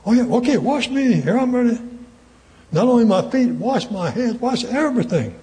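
A man preaching acts out an impulsive, eager male disciple, tumbling excitedly over his words. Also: very high-pitched, normal speed, long reverb tail, voice pushed up.

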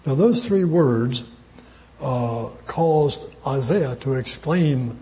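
A man's voice: medium pitch, expressive, extremely slow, warm tone. A man preaching a sermon emphatically, repeating key words and chuckling between his points.

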